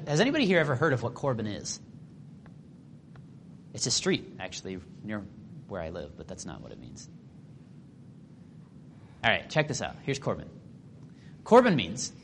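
A man teaching a Bible study in a casual, animated way, acting out quotes and asking the class questions. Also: mid-range voice, a little hiss or hum. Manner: animated, acts out quotes, asks the room questions.

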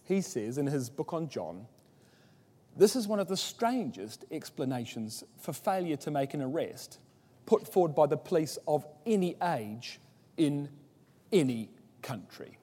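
A man preaching an expository Bible sermon, emphatic, with rhetorical questions and animated scripture quotes. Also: mid-range voice, normal speed. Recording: long hall reverb.

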